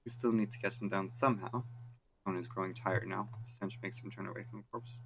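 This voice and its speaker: A man streaming a video game, reading its text aloud in a flat, deadpan way with wry asides. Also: low voice, brisk, creaky, slight background noise.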